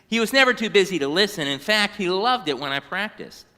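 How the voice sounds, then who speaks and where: Guy reading a kids' storybook in a synagogue, super lively, bright voice, long echoey hall. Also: high voice, brisk. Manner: animated, sings short prayer phrases. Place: synagogue sanctuary.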